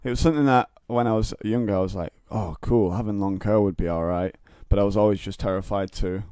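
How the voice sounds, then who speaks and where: A man's voice: lowish voice, quick pace, warm tone, smooth, no room sound. A man with a Northern English accent, a podcast guest chatting casually in a home studio, rambling with fillers and restarts. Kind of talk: casual chat.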